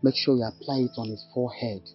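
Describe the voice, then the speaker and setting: An actor with a Nigerian accent playing a herbalist who gives careful, measured instructions. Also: male voice, mid-range voice, steady tone, muffled recording, faint music behind, natural voice. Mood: instructive.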